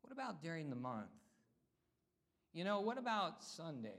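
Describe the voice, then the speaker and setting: High-voiced man preaching conversationally. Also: big pitch swings, normal speed, a bit bright. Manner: conversational preaching with repetitions and call-outs. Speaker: pastor. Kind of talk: sermon.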